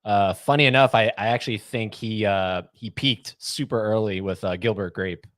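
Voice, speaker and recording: A man hosting a podcast interview over a video call, easygoing and quick to laugh, with short replies between questions. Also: fairly low pitch, fairly bright tone, no echo, studio quality. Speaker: podcast host. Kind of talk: casual interview chat.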